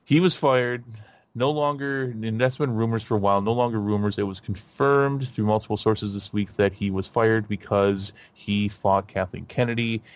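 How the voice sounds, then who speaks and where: A man hosting a podcast in a casual chat, rambling with lots of fillers and restarts and getting animated. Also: lowish voice, moderate pace, no room sound. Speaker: podcast host.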